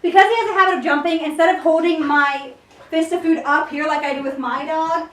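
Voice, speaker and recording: A young woman demonstrates dog training, talking viewers through her reasons in a high voice. She speaks from a few steps away from the camera, and the room around her rings with echo. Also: fairly even intonation, fairly quick, fairly bright tone, far from the mic. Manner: explains to viewers between short commands and praise to the dog. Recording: echoey room, voice off-mic.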